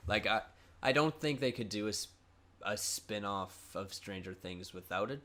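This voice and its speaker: A man with a low, bright and forceful voice chats casually as a podcast co-host. He talks loosely, hesitating and restarting his sentences. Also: normal speed, a little hiss or hum. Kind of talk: casual chat.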